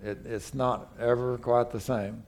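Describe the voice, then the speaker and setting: A man's voice: medium pitch, little pitch movement, unhurried, creaky. A man, preaching a sermon as pastor in a folksy, conversational way with frequent restarts.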